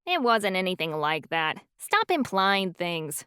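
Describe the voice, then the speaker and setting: A woman doing a slow, purring, sharp-tongued vampire. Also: fairly low pitch, sing-song, clear, resonant tone, dry recording, studio quality, full character voice. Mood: dismissive.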